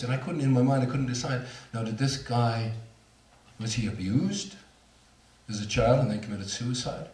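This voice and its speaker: A man's voice: medium pitch, moderate pace, a little mellow. A middle-aged man speaking to an audience, telling a personal story in a candid, self-mocking way with laughs. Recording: roomy hall, voice from far off.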